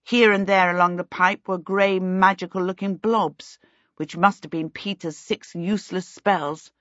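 A woman's voice: fairly low pitch, steady tone, a little slow, a bit bright, no room sound, muffled recording. Woman narrating a storybook, dry sound. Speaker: audiobook narrator.

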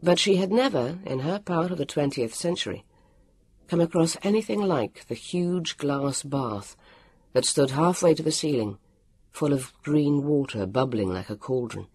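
A man reading a storybook aloud, with a lively, expressive delivery and acted voices. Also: fairly high pitch, normal speed, breathy edge, dry recording. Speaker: audiobook narrator. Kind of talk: storybook narration.

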